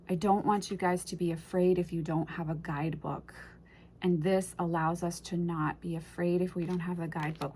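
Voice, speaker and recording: A woman's voice: fairly low pitch, warm tone, slight background noise. A woman casually unboxing and reviewing an oracle deck, gushing and emotional, often trailing off and restarting her sentences.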